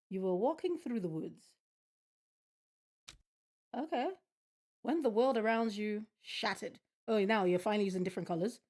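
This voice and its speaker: A woman's voice: medium pitch, a little mellow, breathy edge. A woman streaming a game, reading its text aloud and reacting with bemused, swearing commentary. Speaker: gaming streamer. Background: game music.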